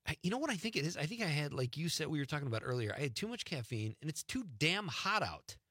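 Radio host, male, joking and rambling, bright animated delivery, dry close mic. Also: on the high side, quick pace, no echo. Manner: joking, self-mocking, rambling. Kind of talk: casual studio banter. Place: radio studio. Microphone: studio microphone.

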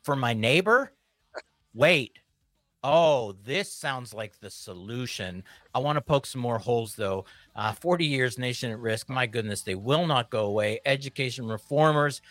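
A man hosting a radio talk show, talking casually with sarcastic, animated asides. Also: medium pitch, normal speed, dry recording.

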